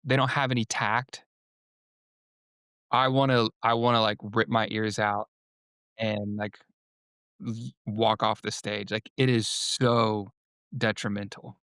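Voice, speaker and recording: A man's voice: fairly low pitch, little pitch movement, slow, long pauses, fairly bright tone, smooth, no echo, studio quality. A man, a guest singer and worship leader, talking in a loose, rambling way full of fillers and quoted asides. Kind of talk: casual podcast conversation.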